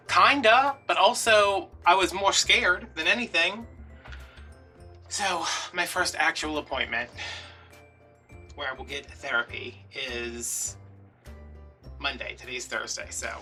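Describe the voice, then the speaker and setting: A man casually telling a story while crafting at home, animated and chatty, acting out the other people in it. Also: mid-range voice, distant mic. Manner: chatty, animated retelling with quoted dialogue. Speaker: vlogger.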